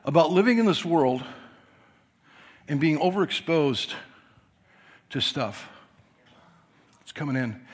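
An older man preaching a sermon to his church, chatty and apologetic, laughing as he goes. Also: on the high side. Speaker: pastor.

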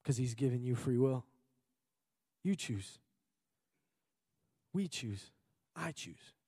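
A man's voice: mid-range voice, expressive, takes it slowly, dark tone, husky, no room sound, clean studio sound. A man from Minnesota preaching an earnest sermon as pastor, repeating phrases for emphasis. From Minnesota, USA. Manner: earnest and emphatic, with frequent repetition and occasional laughter.

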